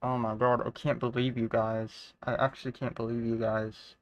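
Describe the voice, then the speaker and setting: A woman streaming a game live, gushing and swearing excitedly as she chats with viewers. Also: extremely low pitch, normal speed, dry recording, dull audio. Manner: excitable, swears and gushes freely.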